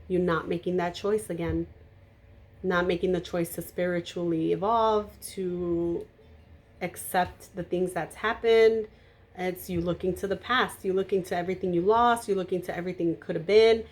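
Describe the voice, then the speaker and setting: Blunt, loud-talking woman tarot reader. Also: fairly low pitch. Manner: blunt and emphatic, casual swearing; naturally loud talker. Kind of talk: tarot reading to camera.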